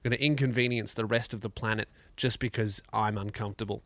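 A man's voice: fairly low pitch, quick pace, no echo. Crude, joking man. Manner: crude, self-mocking, animated with acted-out quotes. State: in neck pain. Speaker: podcast host. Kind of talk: comedic solo podcast storytelling.

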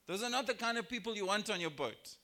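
A man preaching a sermon in church, lively and expressive, acting out biblical characters in raised voices. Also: fast. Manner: animated, acts out quoted voices with rising pitch and volume. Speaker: pastor. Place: church sanctuary.

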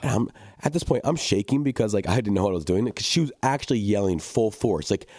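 A man's voice: fairly low pitch, animated, fast talker, darkish tone, breathy edge, dry recording, studio quality. A young man telling a work story in casual chat, rambling with many restarts and laughs. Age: young adult.

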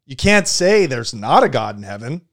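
A man hosting a casual reaction chat, joking crudely and cutting in with quick questions. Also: mid-range voice, sing-song. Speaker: host.

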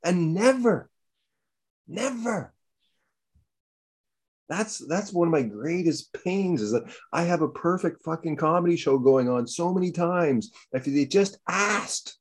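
Profane rambling man telling stories. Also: slightly rough. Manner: profane, rambling, animated storytelling with jumps into high mocking voices. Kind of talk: casual storytelling chat.

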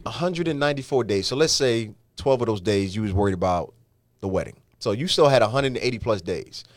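A man's voice: on the low side, no room sound, studio quality. A man co-hosting a podcast in casual chat, teasing and emphatic. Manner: animated, teasing, drawn-out emphatic delivery. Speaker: podcast co-host.

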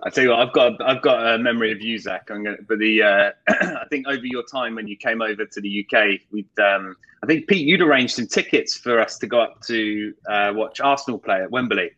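A man, a podcast guest, recalling a story in an easygoing, measured way. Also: on the low side, pushed and bright, highs cut off. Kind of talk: casual storytelling chat.

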